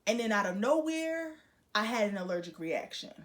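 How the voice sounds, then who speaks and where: A young woman vlogger telling a personal story to her viewers, chatty and animated, acting out the voices of the people in it. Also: medium pitch, moderate pace. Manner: chatty, speaks straight to viewers with frequent fillers. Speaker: YouTuber. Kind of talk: casual storytelling vlog.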